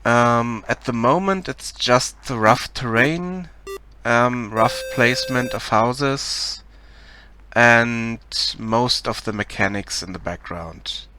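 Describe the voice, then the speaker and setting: A man with a German accent chats casually through a live stream of his work. He talks very slowly, with a bright, forceful edge. He pauses often and restarts his sentences as he looks for words. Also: mid-range voice. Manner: hesitant, many ums and restarts, laughs shyly. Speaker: game developer streaming live.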